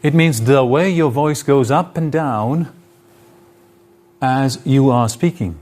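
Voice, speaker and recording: A man's voice: mid-range voice, slow pace, darkish tone. A man lecturing to an audience in a hall, explaining his points with spoken examples and shifts in intonation. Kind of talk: live lecture.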